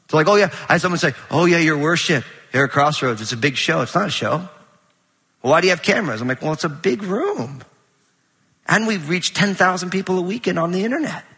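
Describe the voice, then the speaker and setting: A middle-aged man preaching a conversational sermon in a large church auditorium, animated and full of anecdotes with quoted dialogue. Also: fairly high pitch, breathy edge, big-room sound. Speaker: pastor.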